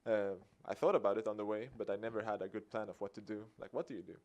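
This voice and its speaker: A man's voice: lowish voice, fast, dull audio. Swedish man telling a story. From Sweden. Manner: lively storyteller acting out dialogue with a chuckle. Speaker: activist speaker. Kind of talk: public talk.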